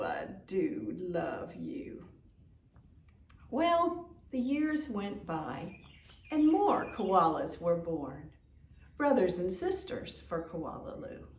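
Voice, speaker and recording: A woman reading a children's picture book aloud in a gentle, expressive way, inviting listeners to say the repeated lines with her. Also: mid-range voice. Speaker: storyteller. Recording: echoey room, distant mic.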